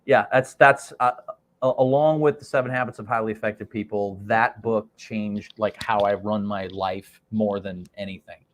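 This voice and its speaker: A man appearing as a podcast guest, telling an anecdote in an excited, laughing way and acting out the voices of the people in it. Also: fairly low pitch, moderate pace. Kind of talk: animated anecdote storytelling.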